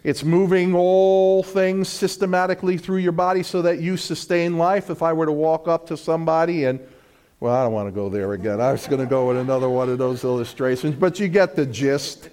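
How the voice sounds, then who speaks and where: A middle-aged man preaching with emphatic force. His voice sits a little high for a man, and he swings from ringing proclamations down to near-whispered, deliberate phrases. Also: fairly even intonation, clean tone. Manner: emphatic preaching, swinging between loud declarations and hushed slow lines. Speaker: pastor. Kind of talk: sermon.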